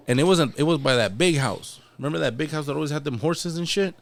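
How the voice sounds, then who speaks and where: Man, casual chat, animated storyteller, noisy audio. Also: a little high, fast talker, creaky. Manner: animated storyteller, heavy slang and swearing. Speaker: podcast guest.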